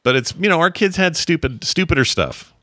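A man's voice: a little high, brisk, dry recording, clean studio sound. A middle-aged man co-hosting a podcast in casual chat, joking and telling rambling stories. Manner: jokey, rambling, animated storytelling. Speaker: podcast co-host.

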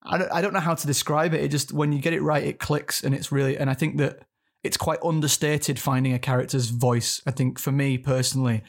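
In an interview conversation, a thirtysomething actor reflects aloud while hunting for words. He talks fairly quickly in a gravelly, medium-pitched voice with fairly even intonation.

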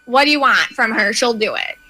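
A woman's voice: a little high, animated, brisk, bright, forceful tone, poor audio. A woman giving a psychic aura reading, confident and reassuring. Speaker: aura reader.

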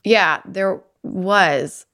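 Woman, light Southern accent, lowish voice, podcast co-host, casual chat, fillers and restarts. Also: very slow, sharp tone. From Kentucky, USA. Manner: chatty, hesitant, many fillers and restarts.

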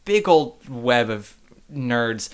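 A man's voice: mid-range voice, sing-song, very slow, clean tone. A man hosting a theatre podcast in a playful, theatrical and opinionated manner. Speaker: podcast host. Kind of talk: casual podcast chat.

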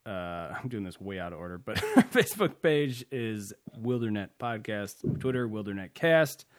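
A man hosting a podcast, chatting casually, rambling loosely and chuckling often. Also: medium pitch. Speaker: podcast host. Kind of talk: casual podcast sign-off chat.

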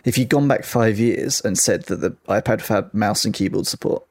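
A man talking tech in a relaxed, hedging way on a casual panel podcast. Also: lowish voice, moderate pace, no room sound. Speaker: tech editor, podcast guest.

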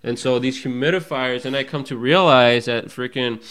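A man's voice: moderate pace, a bit bright, clear, resonant tone. A young man telling a story in a casual chat, laid-back and full of slang. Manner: laid-back slangy storyteller, acts out his own panic in a high voice.

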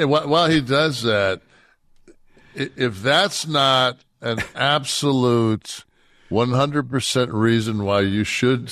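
A man hosting a casual podcast chat, talking in an amused, halting way. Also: mid-range voice, a bit bright, no room sound, clean studio sound. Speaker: podcast host.

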